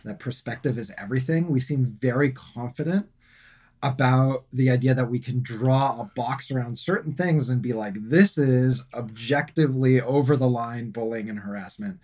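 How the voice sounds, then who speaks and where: A man's voice: mid-range voice, normal speed, darkish tone, slightly rough. Thoughtful man hosting a podcast. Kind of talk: casual conversation.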